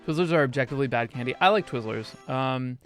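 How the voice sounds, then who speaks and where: A man's voice: medium pitch, fast talker, faint music behind. A man in his thirties chatting casually on a game stream, rambling with lots of fillers and crude jokes. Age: 30s. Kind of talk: casual gaming stream chat.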